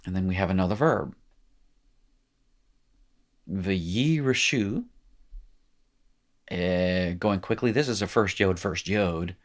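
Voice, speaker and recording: A man's voice: low voice, fairly even intonation, moderate pace, few pauses. A man teaching a recorded language lesson, explaining patiently with small asides and encouraging the listener. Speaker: Hebrew teacher.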